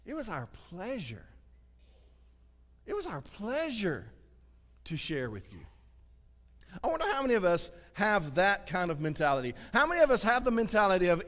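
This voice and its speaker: A man with a Southern US accent preaching a sermon as pastor, swinging from loud exclamations to hushed asides. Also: sits high, big pitch swings, normal speed. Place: church sanctuary. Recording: reverberant church sanctuary.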